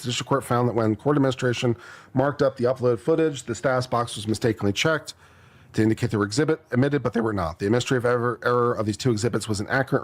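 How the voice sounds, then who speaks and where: A man on a played clip, reading legal text aloud and commenting in a quick, mumbled way. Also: medium pitch.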